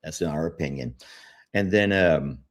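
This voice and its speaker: A man's voice: extremely low pitch, moderate pace. A man, co-hosting a casual podcast chat and telling rambling stories. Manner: rambling storytelling, easygoing. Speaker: podcast co-host.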